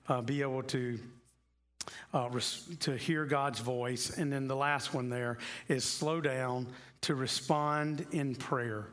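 A man preaching a conversational sermon who tells stories and sometimes drops to a hushed voice for emphasis. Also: mid-range voice. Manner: slows down on key phrases. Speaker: pastor.

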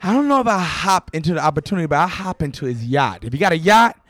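A man's voice: a little high, sing-song, fast, fairly bright tone, dry recording. A man who is a reality TV cast member, guesting in a casual interview with a brash, joking manner.

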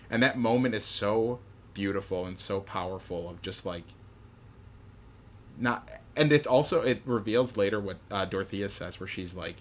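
Young male co-host, low-pitched and chatty, slight room hiss, loose filler-heavy delivery. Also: moderate pace. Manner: rambling, many "like" fillers, acts out quotes. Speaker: podcast co-host discussing a film. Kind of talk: casual chat.

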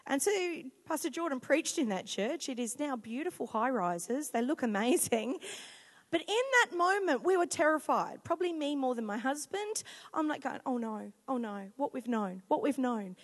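Woman pastor, 40s, high bright voice, lively sermon, long hall reverb. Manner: lively, emphatic preaching to a congregation.

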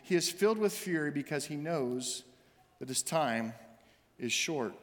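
A man, the senior minister, preaching a sermon in a church sanctuary and telling a story with animated quoted voices. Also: on the high side, measured pace. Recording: long hall reverb, faint music.

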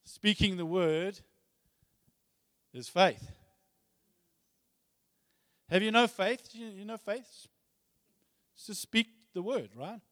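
High-voiced preacher in a reverberant hall. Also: male voice, slow, pauses often, fairly bright tone, studio quality. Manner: casual storytelling, retelling scripture in everyday words; reads scripture aloud with rising force. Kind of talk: sermon.

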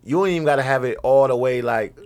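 A man with a gravelly, creaky voice at a middle pitch, chatting casually with friends. He talks in slangy, profane banter and acts out retellings of conversations with his kids. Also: fast, darkish tone. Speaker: father in a group chat.

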